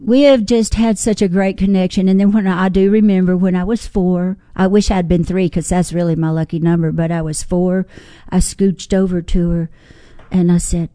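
An older woman, a singer-songwriter, telling lively personal stories in an interview, acting out what others said. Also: fairly low pitch, normal speed, clear, resonant tone, dry recording. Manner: animated, folksy storyteller acting out quotes. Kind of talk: storytelling interview.

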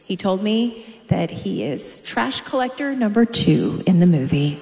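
A woman's voice: medium pitch, big pitch swings, unhurried, dark tone. A woman announcing at a live show on a theater stage, with upbeat, emphatic presenter delivery. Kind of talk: live event announcing with sponsor read. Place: large theater. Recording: long hall reverb from a big venue.

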